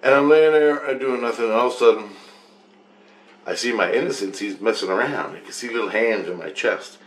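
A man's voice: mid-range voice, fairly quick. A man telling a rambling personal account, swearing freely and repeating phrases over and over. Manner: repetitive, profane, loops back on phrases.

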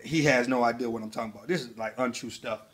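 A man's voice: mid-range voice, fast. A man joking and telling rambling stories to a crying baby, playful and often laughing, filmed on a phone. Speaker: uploader talking to a crying baby. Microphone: phone video. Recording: noisy room with crying and laughter. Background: baby crying, people laughing.

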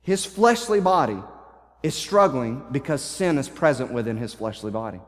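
In a church sanctuary with long hall reverb, a man in a mid-range voice preaches a passionate sermon at a moderate, animated pace. He frequently repeats and restarts phrases while paraphrasing scripture in the first person.

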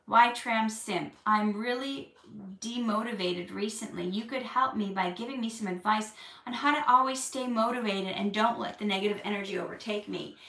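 At normal speed and with a mid-range voice, a woman answers viewer questions on a live stream, easing from casual conversation into earnest preachiness and animation when excited. The distant mic adds a little hiss or hum, roomy echo, and an off-mic feel.

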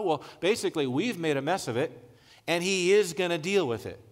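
A man preaching in a large church hall, his slightly high voice ringing out with a long reverb tail. He switches easily between casual asides and emphatic points. The delivery feels conversational rather than formal. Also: animated, a little fast. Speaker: pastor. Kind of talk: sermon.

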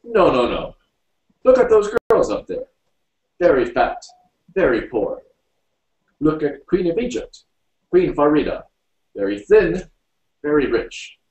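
A man's voice: on the high side, animated, slow, gravelly, long pauses, darkish tone, voice pushed up, heavily acted. A man reading a story, voicing a grinning foreign café patron who speaks in broken English. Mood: insistent. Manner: broken English, repeats "please". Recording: roomy, from a distance.

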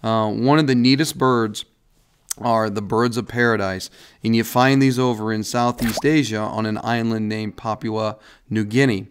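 A man's voice: on the low side, steady tone, normal speed, clear, resonant tone. A man teaching a recorded biology lesson over slides, casual and folksy, with frequent "all right"s and small restarts.

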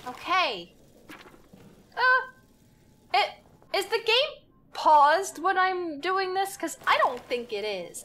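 A woman's voice: extremely high pitch, sing-song, slow pace, pauses often, sharp tone. A young woman streaming a horror game live, talking to herself in a jittery, giggly way and swearing as she goes. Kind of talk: live gaming commentary.

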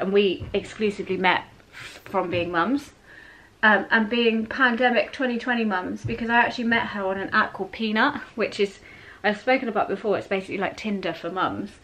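A woman's voice: medium pitch, a bit bright, rough recording. A woman with an English accent chatting casually to her camera in a rambling vlog, often correcting herself. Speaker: vlogger.

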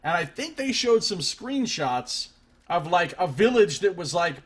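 Husky-voiced man doing game commentary. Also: sits high, big pitch swings, a little slow. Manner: chatty and self-deprecating, greets chat viewers. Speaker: Let's Play streamer. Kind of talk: casual game commentary, reading game text aloud.

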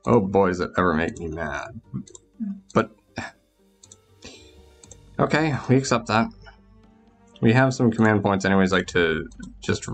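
A man's voice: low voice, lively intonation, measured pace, long pauses, soft background music. A man commentating on a naval strategy game, frequently exasperated and cursing, breaking off mid-sentence when agitated. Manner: frustrated, exclaiming and cursing at the game; broken restarts when agitated. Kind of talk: gameplay commentary.

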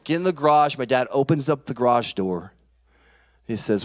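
A man's voice: mid-range voice, animated, moderate pace. A man, a pastor, preaching a sermon by telling a personal story and acting out the voices in it. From California. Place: church sanctuary.

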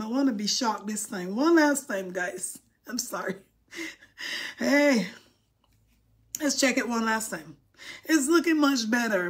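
A woman's voice: fairly high pitch, fairly bright tone, slightly rough. Chatty woman livestream host. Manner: chatty, dramatic mock-crying over likes; speech with informal dialect grammar. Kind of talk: casual livestream chat reading comments.

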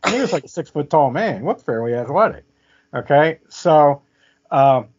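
A man's voice: on the high side, lively intonation, normal speed, darkish tone, husky. A man telling a vivid story as an interview guest, often checking in with "okay?". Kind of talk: casual storytelling. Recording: muffled lo-fi audio.

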